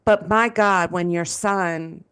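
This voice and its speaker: A woman's voice: on the low side, slow, fairly bright tone, smooth. A woman co-hosting a casual podcast, talking emphatically and chiming in with agreement. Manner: emphatic, frequent agreeing fillers. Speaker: podcast co-host.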